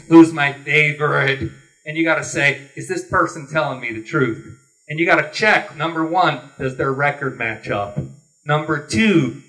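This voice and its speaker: A gubernatorial candidate delivers an earnest, folksy closing statement at a candidates forum in a meeting hall. His medium-pitched voice is bright and forceful, captured by a distant room mic.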